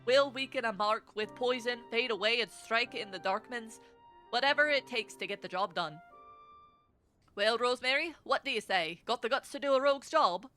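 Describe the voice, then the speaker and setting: A woman's voice: fairly high pitch, moderate pace, bright, forceful tone, faint music behind. A woman voicing a swaggering male rogue guildmaster, reading game dialogue aloud in a thick put-on Scottish-style accent. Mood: lecturing.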